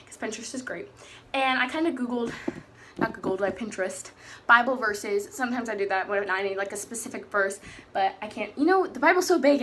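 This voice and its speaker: A woman's voice: a little high, a bit bright. A teenage girl in casual personal talk about her faith, chatty and rambling, often correcting herself mid-sentence. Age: teens. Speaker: faith vlogger.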